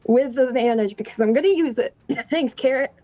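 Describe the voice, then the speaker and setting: A woman's voice: high-pitched, moderate pace, no echo, muffled recording, faint music behind. A woman playing in a tabletop game, casual, giggly and a little hesitant. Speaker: player.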